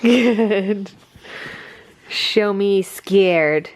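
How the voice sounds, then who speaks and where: A woman's voice: medium pitch, extremely slow. A woman in her thirties filming her family at home, chatting playfully, laughing often and cooing at her baby. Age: 30s. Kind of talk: casual home video chat.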